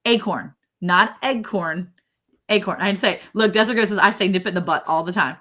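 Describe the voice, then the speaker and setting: A woman's voice: medium pitch, fast, pushed and bright. A woman hosting a casual live chat, telling stories and laughing often. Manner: chatty, laughing, storytelling. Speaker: live stream host.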